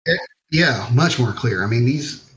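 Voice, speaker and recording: A man's voice: mid-range voice, expressive, unhurried, a bit bright, lo-fi sound. A man from the United States, an army veteran, telling war stories in a casual, profane, laid-back way on a podcast. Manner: profane, laid-back storytelling with frequent fillers. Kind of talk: casual storytelling interview.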